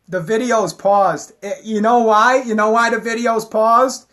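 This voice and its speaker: A woman's voice: fairly high pitch, steady tone, unhurried, few pauses, fairly bright tone. A woman giving a heated, profane, rambling rant to her camera. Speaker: vlogger.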